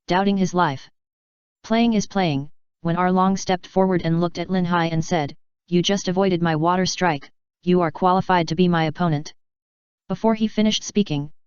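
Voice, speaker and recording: Flat, smooth-voiced woman audiobook reader. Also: lowish voice, no echo. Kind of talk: flat scripted narration. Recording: dull, lo-fi dry sound.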